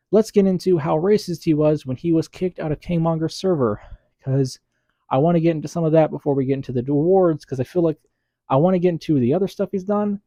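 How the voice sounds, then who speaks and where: A male YouTube commentator talking through a story in a casual, rambling way, full of fillers and restarts. His voice is mellow and dark in tone. It is recorded dry on a close mic with no room sound. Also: a little high, no room sound, dull audio.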